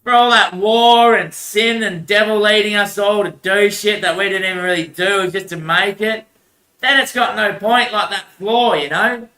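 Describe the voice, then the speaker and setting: A young man rambles through a crude, meandering monologue about faith, laughing often. His voice sits high with a very bright edge. The room around him is echoey. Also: fairly even intonation, normal speed. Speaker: vlogger.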